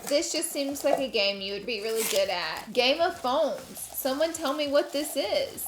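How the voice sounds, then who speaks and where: A giggly, excitable woman hosting a casual unboxing chat. Her voice sits high and swings widely in pitch. It is recorded in an echoey room with clear background noise. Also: moderate pace. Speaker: vlog host.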